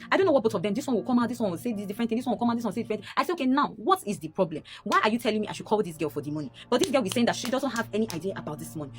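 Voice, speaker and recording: A young adult woman with a Nigerian accent telling a painful personal story, animated and repeating herself, her voice rising sharply when upset. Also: medium pitch.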